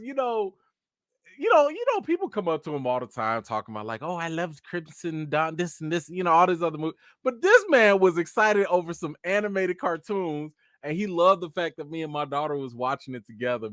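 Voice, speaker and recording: A man hosting a casual live chat, telling stories in an animated way and talking to his viewers as "y'all". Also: a little high, fairly quick, no echo, studio quality. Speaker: channel host.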